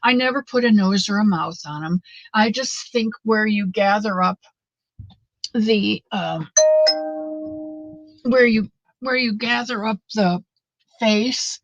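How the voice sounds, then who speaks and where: A woman's voice: medium pitch, slow, long pauses, no echo, highs cut off. A middle-aged woman hosting a live knitting stream, chatting casually and earnestly with viewers in a motherly way. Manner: warm, motherly, talks straight to viewers; earnest and faith-filled.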